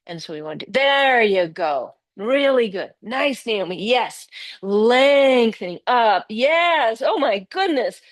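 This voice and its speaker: An older woman leads a live yoga class, her voice a touch high and recorded close and dry. She gives step-by-step cues and keeps encouraging her students by name. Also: animated, takes it slowly, no room sound. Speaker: yoga teacher. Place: yoga studio.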